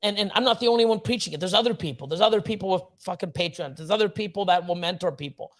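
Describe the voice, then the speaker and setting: A man's voice: sits high, quick pace. A man hosting a livestream, ranting bluntly with heavy swearing and fired-up motivational talk. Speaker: snake breeder hosting a livestream. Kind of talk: livestream rant.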